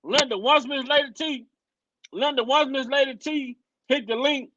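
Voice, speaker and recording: A man hosting a casual opinion livestream, animated and profane, mocking people as he talks. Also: very high-pitched, moderate pace, no echo, highs cut off. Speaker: livestream host. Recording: loud background noise.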